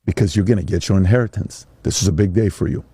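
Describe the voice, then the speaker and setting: A man's voice: sits low, fast, dark tone, slightly rough, no echo, studio quality. A man voicing a stern wealthy father speaking to his heirs by video, firm and lecturing.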